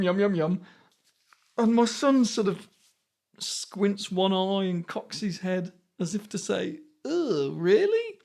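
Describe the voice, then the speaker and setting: Man in his fifties, lively pitch. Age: 50s. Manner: conversational, asks rhetorical questions. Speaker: podcast host. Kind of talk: podcast monologue.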